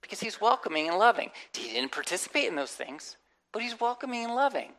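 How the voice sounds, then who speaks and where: Woman pastor preaching, super expressive voice that swings up and down, chatty with little jokes thrown in. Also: mid-range voice, quick pace. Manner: animated, acts out quotes and inner voices; conversational preaching with asides and jokes. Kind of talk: sermon.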